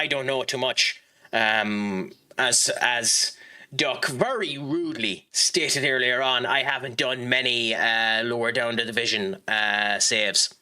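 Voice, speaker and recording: A man streaming a football management game, chatting with viewers in a rambling way and reacting loudly to the match. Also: mid-range voice, smooth. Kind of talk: live gaming stream chat and match commentary.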